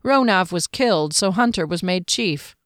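A woman's voice: fairly low pitch, expressive, moderate pace, no echo, studio quality, close to an everyday voice. A woman voicing a blunt, casual-talking male soldier with slangy, wry speech.

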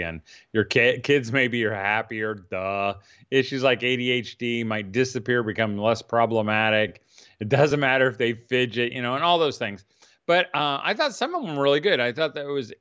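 Smooth-voiced chatty podcast man. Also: mid-range voice, a bit bright, dull audio. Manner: rambling storyteller, laughs often. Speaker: podcast co-host. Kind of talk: casual chat.

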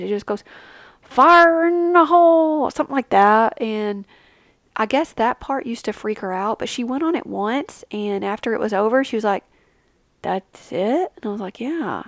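A woman in her thirties, a mother, chatting casually in a vlog and giving tips with an animated, storytelling manner. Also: no room sound. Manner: chatty, animated, acts out quotes with big pitch jumps. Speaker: family travel vlogger, mother.

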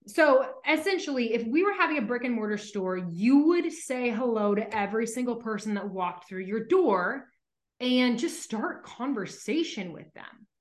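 Woman podcast host, chatty, says "like" a lot, bit high voice, echoey room. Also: lively intonation. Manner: chatty, many filler 'like's, acts out quick examples. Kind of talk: casual podcast chat. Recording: roomy echo.

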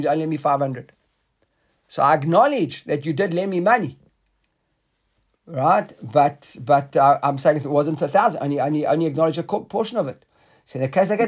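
A man's voice: a little high, darkish tone. A man teaching a Talmud class in a conversational way, often repeating words and asking the students questions.

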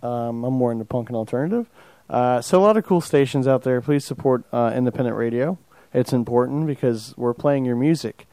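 Casual American male radio host, mellow dark voice, profane and joking, dry close sound. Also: mid-range voice, fairly quick, no echo. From United States.

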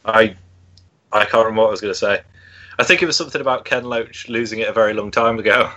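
A man's voice: on the low side, fast talker, sharp tone, low-quality recording. A man co-hosting a podcast, wry and a bit hesitant in casual banter. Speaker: podcast co-host.

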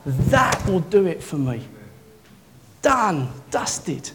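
A man preaching a sermon in a church, telling stories with swings from quiet to loud, wearing a mic. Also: sits high, drawn-out words, long pauses, music in the background. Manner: excitable storytelling, swinging from soft to loud. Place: church hall. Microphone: worn mic. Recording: echoey hall, faint noise.

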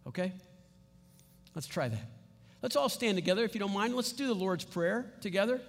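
A man preaching a sermon as pastor, emphatic and building to loud stresses on key words. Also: high voice, animated, moderate pace. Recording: long hall reverb.

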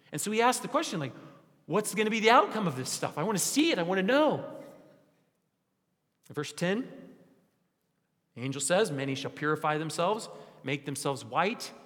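In a church sanctuary with long hall reverb, a young male pastor preaches a sermon. He poses rhetorical questions to the congregation and lowers his voice to a quiet hush for emphasis.

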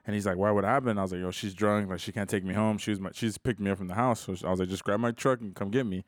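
A man's voice: lowish voice, fairly even intonation, racing, no echo, clean studio sound. A man co-hosting a podcast, telling a story in a loose, slangy, profane way. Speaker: podcast co-host. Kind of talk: casual storytelling chat.

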